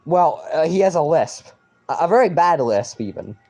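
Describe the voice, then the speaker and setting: A young man streaming live, rambling excitedly and with mild swearing as he reacts to a football game. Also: fairly high pitch, normal speed.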